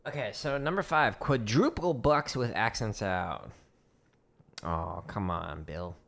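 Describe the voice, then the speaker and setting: A man's voice: fairly low pitch, slow, vocal fry. A man teaching drumming on a casual practice stream, counting beats aloud and making playful asides to himself. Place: home practice room. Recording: loud drum clicks behind voice. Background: drumming clicks and taps.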